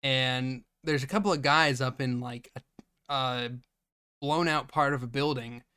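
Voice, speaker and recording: A man's voice: medium pitch, measured pace, bright, forceful tone, clear, resonant tone. A young man hosting a podcast, recapping a movie casually, laughing and swearing freely. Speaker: podcast host.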